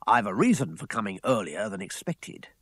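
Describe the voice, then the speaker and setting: A man plays a bright, breezy young gentleman in a storybook reading, pitched up and lively with big swings. His voice keeps a husky edge, recorded dry and close. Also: moderate pace, no room sound. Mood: urgent. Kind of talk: audiobook character voice.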